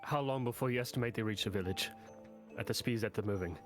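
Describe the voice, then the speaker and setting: A man speaks in character during a tabletop game, quick and decisive. He talks at a brisk clip over faint background music. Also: fairly low pitch. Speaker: player.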